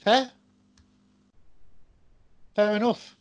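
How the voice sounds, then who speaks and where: A man co-hosting a podcast, riffing in jokey, rambling, deadpan banter. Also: high voice, drawn-out words, lo-fi sound. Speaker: podcast co-host. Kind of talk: casual banter.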